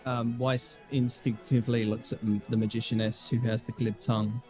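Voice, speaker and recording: A man playing a tabletop game, describing his character's actions haltingly. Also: mid-range voice, little pitch movement, darkish tone, faint music behind. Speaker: player. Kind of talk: casual role-play narration.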